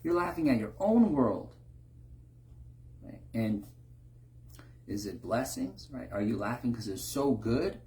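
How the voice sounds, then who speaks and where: A man's voice: medium pitch, expressive, unhurried, pauses often, dark tone. Man preaching with rhetorical questions. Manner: rhetorical, keeps asking "right?". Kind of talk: informal sermon.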